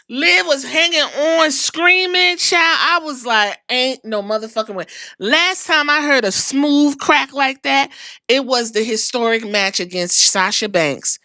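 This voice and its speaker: A bright, forceful woman's voice, a little higher than most, telling a wrestling story with lots of swearing and slang. She talks like she's chatting with friends, acting out every moment. The sound is dry and close, with no room around it. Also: dry recording. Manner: animated, profane storytelling with slang. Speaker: podcast host. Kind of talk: casual wrestling recap.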